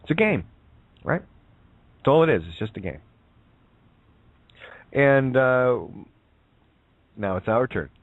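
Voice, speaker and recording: A man's voice: medium pitch, big pitch swings, slow, long pauses, no echo. A man giving a casual spiritual talk on a call-in show, rambling with many fillers and checking in with "right?". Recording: tinny phone line, dry.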